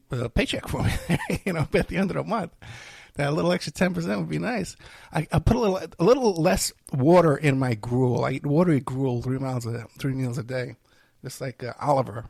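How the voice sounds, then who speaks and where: A man hosts his own podcast and rambles through plugs and stories. He is full of fillers and self-deprecating asides. His voice is gravelly and close in a dry, dead-sounding recording, and he sounds tired and under the weather. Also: a little high, darkish tone, no echo. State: tired, feeling unwell. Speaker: podcast host and private investigator. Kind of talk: rambling solo podcast talk.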